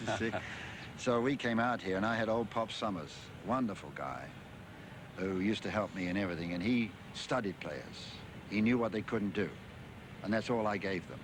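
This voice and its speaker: An older Englishman, once a tennis champion, reminisces about his career in a rambling interview thick with fillers and restarts. His voice is fairly low and moderately paced, and the archive recording carries clear background noise.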